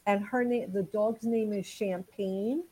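A woman's voice: mid-range voice, steady tone, unhurried, mellow, husky, low-quality recording. Chatty woman sharing funny stories. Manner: chatty, giggly storytelling. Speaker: podcast co-host. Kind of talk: casual chat.

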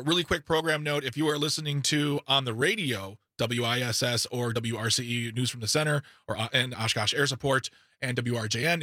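A man's voice: mid-range voice, bright, forceful tone, dry recording. A man hosting a political talk radio show, talking casually with sarcastic asides and frequent stammered restarts into a studio microphone.

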